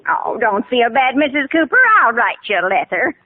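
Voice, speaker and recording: A woman's voice: on the high side, animated, normal speed. A woman playing an earnest, plain-spoken housemaid in a 1950s radio comedy. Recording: tinny old radio transcription.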